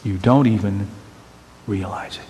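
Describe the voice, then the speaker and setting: A man preaching a sermon as pastor, conversational and teasing, swinging between loud emphatic bursts and hushed quiet lines. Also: fairly low pitch, takes it slowly, long reverb tail, slight background noise. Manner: conversational and teasing, with rhetorical questions.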